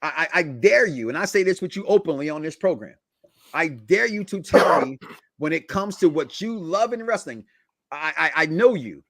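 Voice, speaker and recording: A man hosting a wrestling podcast in casual chat, emphatic and counting down his list with dramatic pauses. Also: a little high, expressive, pushed and bright, dry recording. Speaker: podcast host.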